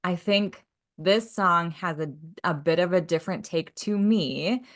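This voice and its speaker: A woman's voice: on the low side, unhurried, a bit bright. A woman co-hosting a podcast in a casual discussion, agreeable and building on her partner's points. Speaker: podcast co-host.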